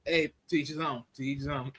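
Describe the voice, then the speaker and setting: Animated, high-voiced casual man. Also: brisk, a little hiss or hum. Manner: animated, laughing often, acting out scenes in voices. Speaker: movie reviewer. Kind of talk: casual spoken movie review.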